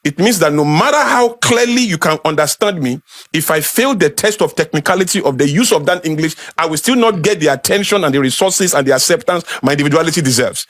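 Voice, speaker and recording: A man's voice: on the high side, expressive, fast talker, fairly bright tone. A man with a Nigerian accent giving a passionate talk, building his points with rhetorical emphasis. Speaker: speaker. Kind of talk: passionate talk to a small audience.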